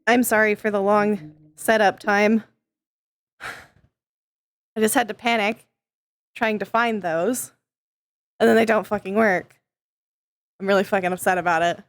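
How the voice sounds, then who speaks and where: A woman's voice: medium pitch, steady tone, measured pace, pauses often, no echo. A woman streamer venting to her chat in casual talk, frustrated, swearing often and stumbling over restarts.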